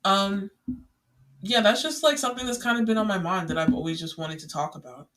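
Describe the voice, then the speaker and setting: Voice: mid-range voice, brisk, fairly bright tone. A young adult podcast host rambling through a casual solo monologue with many filler words and an exasperated tone. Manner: exasperated ranting.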